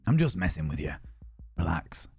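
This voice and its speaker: A man voicing a gruff macho dad in a game, speaking low and blunt with a slight Yorkshire accent. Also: sing-song, measured pace, music in the background. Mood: teasing. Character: gruff macho grown man who drinks whiskey.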